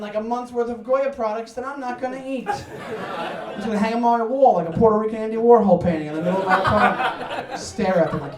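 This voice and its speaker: A stand-up comic who swears freely and punches his lines with loud bursts. His voice sits high for a man. He is recorded from a distance in an echoey apartment, with a crowd laughing around him. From United States. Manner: energetic, profane, loud punchy outbursts. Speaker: stand-up comedian. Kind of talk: stand-up comedy set. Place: New York apartment with live audience. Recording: echoey room, mic at distance, audience laughter.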